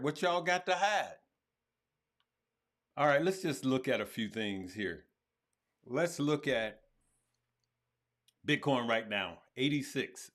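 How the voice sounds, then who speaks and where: A man hosting a live stream on crypto, talking straight to his viewers and repeating his points. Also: medium pitch. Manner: animated, talks to viewers as "good people", often repeats himself. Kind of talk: casual live-stream commentary.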